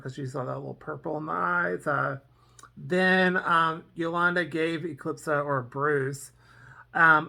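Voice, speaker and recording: Reaction vlogger: casual, rambling TV recap, filler-heavy, bright and crisp tone, mid pitch. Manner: rambling, with many ums and "and so"; acts out characters' lines in quotes. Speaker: TV reaction reviewer.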